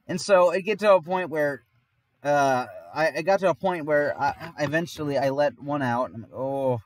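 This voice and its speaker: A man's voice: fairly high pitch, moderate pace. A man telling a long personal story in casual podcast chat, rambling and often laughing mid-sentence. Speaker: podcast host.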